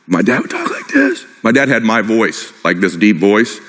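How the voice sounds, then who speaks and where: A man's voice: fairly low pitch, huge pitch swings, moderate pace, fairly bright tone, breathy edge. A middle-aged man giving a motivational stage talk, impassioned and personal, driving his point home with short repeated phrases. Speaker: motivational speaker. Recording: long hall reverb.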